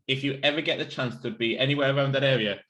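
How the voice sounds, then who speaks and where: A man's voice: medium pitch, fairly even intonation, fast, a bit bright. A man, co-hosting a podcast and telling sweary anecdotes in casual chat. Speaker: podcast co-host.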